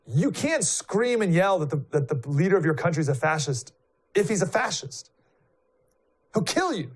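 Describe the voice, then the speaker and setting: A man giving live political commentary in a casual, rambling way, full of fillers and rhetorical questions, sounding indignant and emphatic. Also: sits high.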